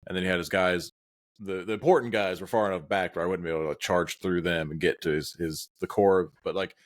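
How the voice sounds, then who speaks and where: A man co-hosting a podcast, explaining game moves in a relaxed, casual chat. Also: low voice, brisk. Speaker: podcast co-host.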